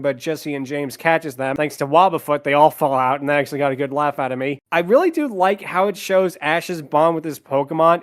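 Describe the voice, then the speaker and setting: A man hosting a podcast, casually recapping an anime episode with side comments. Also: on the high side. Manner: chatty, summarizing scenes with side comments. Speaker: podcast host.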